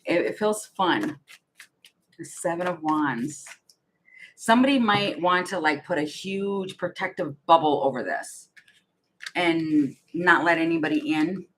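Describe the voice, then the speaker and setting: Musing low-voiced woman reading tarot. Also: unhurried, slight background noise, poor audio. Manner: musing, hesitant, restarts often, giggly. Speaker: tarot reader. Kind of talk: casual tarot reading monologue.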